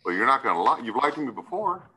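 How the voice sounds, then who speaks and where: A man's voice: mid-range voice, sing-song, quick pace, pushed and bright, a little hiss or hum, poor audio. A man serving as a judge, sternly lecturing a defendant in a courtroom hearing and often tagging his points with "right?".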